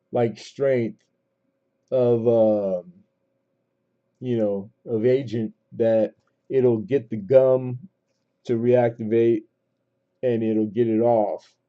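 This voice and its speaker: A man's voice: medium pitch, steady tone, takes it slowly, pauses often. A man hosting a coin auction livestream, rambling casually with many fillers and restarts, calling out last bids. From Southern California. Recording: dull lo-fi stream audio.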